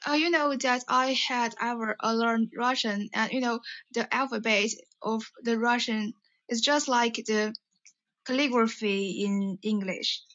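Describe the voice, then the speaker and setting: A woman college student whose first language is Chinese, practicing English by asking halting questions. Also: a little high, steady tone, fairly bright tone, dry recording, dull audio. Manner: halting, asks many questions. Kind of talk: casual English practice chat.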